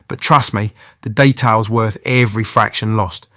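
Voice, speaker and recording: A man's voice: fairly low pitch, steady tone, moderate pace, bright, forceful tone, dry recording, studio quality. A man gives cheeky, slang-filled comic voice-over narration as a channel host. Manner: cheeky banter with British slang.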